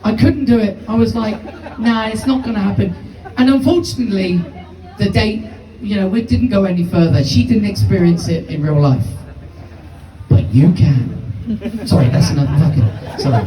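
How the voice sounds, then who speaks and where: A man's voice: sits high, lively intonation, moderate pace, dark tone. A man, doing live stand-up with rambling, profane storytelling. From United Kingdom. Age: 50s. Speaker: stand-up comedian. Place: small comedy venue with audience. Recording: distant, echoey live room.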